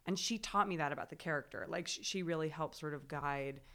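A woman playwright talks about her play in a loose, animated way. She laughs often and restarts her sentences. Her voice sits a little low for a woman. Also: brisk, clean tone. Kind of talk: casual conversation about rehearsals.

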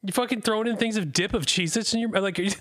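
A man hosting a podcast in casual chat, loudly incredulous and cursing at his co-hosts. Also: high-pitched, racing, dry recording. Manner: incredulous, loud, swearing often. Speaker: podcast host.

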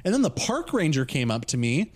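Lively, animated man telling a story. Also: fairly high pitch, brisk, husky. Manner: animated, laughing storyteller with many "like"s. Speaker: podcast co-host. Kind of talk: casual storytelling chat.

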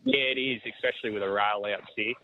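A man, a horse trainer talking over the phone in a halting, easygoing way that repeats words. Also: fairly low pitch. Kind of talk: phone interview. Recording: tinny phone line with faint noise.

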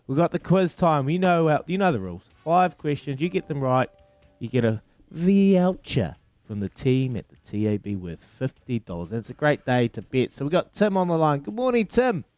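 A man's voice: a little high, big pitch swings, normal speed, a little mellow, dry recording. A man hosting a breakfast radio quiz, matey and jokey with callers. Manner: matey, jokey, laughs often.

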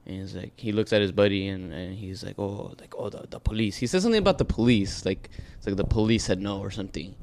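A man's voice: fairly low pitch, animated, fast, gravelly, few pauses, a little mellow, slight background noise. A man from California, co-hosting a casual podcast chat over beers, telling rambling stories and swearing freely. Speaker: podcast co-host.

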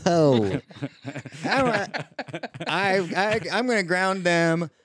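A man riffing deadpan, absurd jokes as a guest in comedy banter. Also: high voice, extremely slow, dry recording, studio quality.

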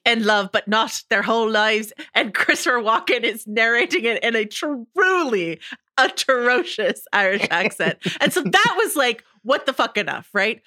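A woman's voice: fairly high pitch, bright, forceful tone, no echo, studio quality. A woman co-hosting a podcast in casual chat, enthusiastic, laughing often and swearing freely. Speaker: podcast co-host.

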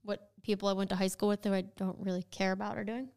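A woman's voice: mid-range voice, fast, smooth. A woman in her thirties co-hosting a casual chat, telling stories with lots of "like". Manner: animated storyteller, says "like" often.

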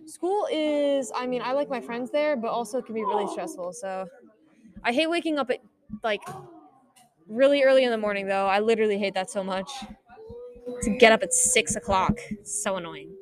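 A woman's voice: on the high side, moderate pace. A teenage girl hosting a casual podcast, giggly and rambling with lots of ums. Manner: giggly, rambling, filler-heavy. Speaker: podcast host. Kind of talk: casual chat.

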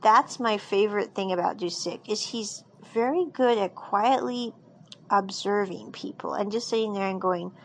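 A woman's voice: medium pitch, moderate pace, a little hiss or hum, low-quality recording. A woman casually recapping a drama episode, rambling with frequent fillers and restarts.

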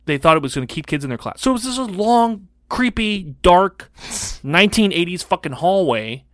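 A man's voice: high-pitched, normal speed, no echo. Middle-aged man, podcast co-host, casual storytelling, swears a lot, acts out quoted voices, dry close mic. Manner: animated, profane, acts out other people's lines.

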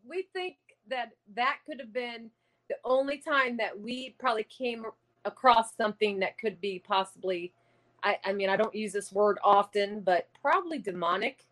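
A woman telling a ghost encounter in an interview, halting and repeating words, laughing between lines. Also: a little high, fairly bright tone. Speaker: paranormal investigator guest. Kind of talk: casual storytelling interview.

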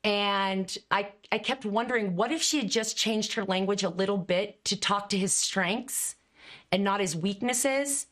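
Middle-aged woman coach telling stories all animated and expressive, laughs here and there. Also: mid-range voice, unhurried. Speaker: guest, communication coach. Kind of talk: conversational storytelling.

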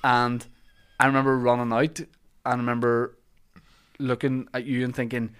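A man hosting a podcast, telling comic stories in a casual chat and shouting out the lines he quotes. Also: medium pitch, little pitch movement, normal speed, clean tone. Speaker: podcast host.

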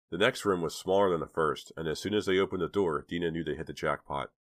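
A man narrating a young-adult thriller audiobook in measured, even storytelling. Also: low-pitched, no echo, clean studio sound. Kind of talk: scripted narration.

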